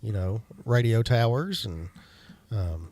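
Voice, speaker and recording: A man's voice: lowish voice, lively intonation, takes it slowly, darkish tone, no room sound. A man co-hosting a morning radio show, easygoing and supportive in casual chat. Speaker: radio co-host. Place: radio studio.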